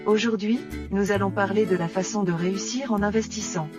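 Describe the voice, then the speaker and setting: A woman's voice: medium pitch, fast, recorded from a distance, over music. A woman co-hosting a podcast, saying French phrases and translating them into English. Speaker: podcast co-host.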